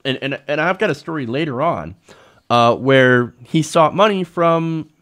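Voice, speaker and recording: A man's voice: fairly high pitch, lively intonation, unhurried, a bit bright. A man hosting solo political commentary, reading news quotes aloud and reacting with sarcasm.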